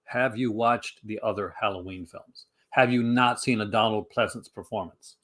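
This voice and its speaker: A man's voice: lowish voice, steady tone, normal speed, a bit bright. Rambling man chatting on a livestream. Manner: rambling, many fillers and restarts. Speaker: livestream host. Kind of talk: casual chat answering a live chat.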